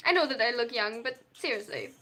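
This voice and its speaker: A woman's voice: fairly high pitch, expressive, fairly quick, sharp tone. A 21-year-old woman from Germany who speaks English with a German accent. She is a live streamer, reading viewers' chat questions aloud and answering them earnestly and openly.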